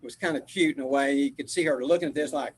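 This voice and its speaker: A man's voice: medium pitch, fast, husky, low-quality recording. An older man, a spiritual teacher, telling a rambling story in casual group chat, laughing often.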